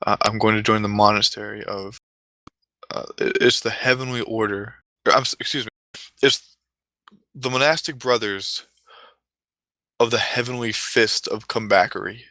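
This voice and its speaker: A man voicing an earnest young man who speaks gravely and in measured words about his past. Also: fairly low pitch, steady tone, sharp tone, dry recording. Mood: solemn.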